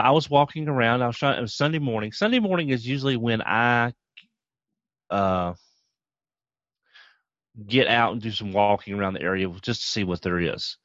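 A man's voice: on the low side, fairly bright tone, dry recording, dull audio. A man co-hosting a podcast, telling a rambling, easygoing anecdote. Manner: easygoing, rambling with fillers and restarts. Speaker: podcast co-host. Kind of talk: casual storytelling chat.

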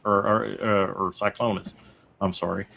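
Lowish-voiced podcast man, muffled. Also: little pitch movement, creaky, sharp tone. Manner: measured, explanatory, many "uh"s. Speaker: podcast co-host sharing the screen. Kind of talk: casual chat. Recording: muffled lo-fi audio.

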